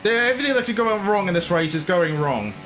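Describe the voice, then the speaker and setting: A man's voice: high voice, lively intonation, fast, a bit bright, a little hiss or hum. A man commentating his own racing game, frustrated and ranting. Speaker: gaming channel host.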